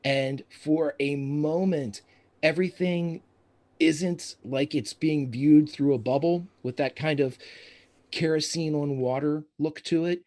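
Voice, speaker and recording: Man, game master, tabletop game narration, restarts mid-sentence, fairly high voice. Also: a little mellow. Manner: descriptive, halting narration with restarts.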